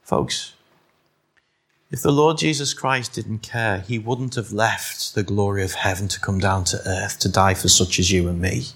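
A man's voice: on the low side, measured pace, fairly bright tone, slightly rough. A middle-aged man with a Liverpool accent preaching a sermon, firing rhetorical questions at the congregation and adding teasing asides. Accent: Liverpool (Scouse). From Liverpool, England.

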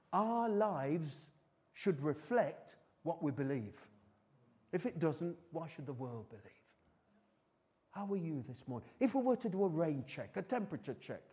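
A man's voice: high-pitched, mellow. A middle-aged man preaching a live sermon in a church, who teases his congregation and asks many rhetorical questions. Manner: chatty, teasing the congregation between points. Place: church hall before a congregation.

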